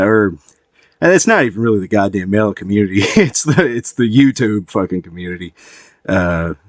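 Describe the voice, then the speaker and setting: A man giving casual, meandering commentary to his viewers, swearing often and filling pauses with "uh" and "like.". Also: fairly low pitch, no room sound. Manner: profane, meandering, heavy with fillers. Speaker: YouTube commentator.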